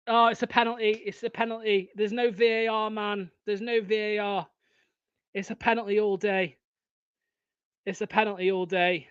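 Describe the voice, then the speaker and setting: Young guy fan-commentating footy live, high voice, swears loads, kinda dull lo-fi mic. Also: moderate pace, smooth, dry recording. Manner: swears a lot, swings from excited shouting to deflated muttering. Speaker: fan watchalong host. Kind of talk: live football watchalong commentary.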